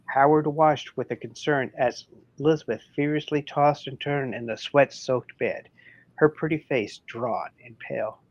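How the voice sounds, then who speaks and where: Man reading haltingly, dull lo-fi sound. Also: mid-range voice. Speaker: podcast co-host reading a story. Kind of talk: casual storytelling read-aloud.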